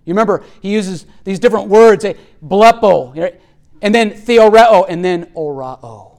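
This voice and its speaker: A man delivers a sermon in a strikingly high voice. He builds to fervent peaks while reading aloud, then sinks to hushed, quiet lines. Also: moderate pace. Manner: preaching with dramatic swells and hushed drops; reads a long quote aloud with rising fervor. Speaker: pastor.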